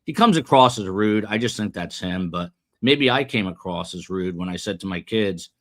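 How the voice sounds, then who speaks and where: A man's voice: deep voice, animated, moderate pace, a bit bright. A middle-aged man hosting a live stream, reading chat comments aloud in a rambling, self-deprecating way with many fillers.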